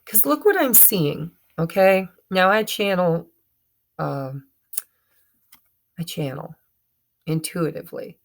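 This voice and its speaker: A woman's voice: fairly low pitch, expressive, takes it slowly, vocal fry, long pauses. A woman giving a chatty tarot reading to her viewers, often stumbling and correcting herself as she goes. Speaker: tarot reader. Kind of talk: casual tarot reading to camera.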